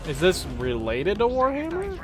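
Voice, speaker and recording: A high-pitched man whose pitch swoops wildly is streaming a sleepy live reaction to a game showcase, music playing behind him. He thinks aloud in a drowsy, unhurried way, yawning, trailing off mid-sentence and starting over in casual commentary.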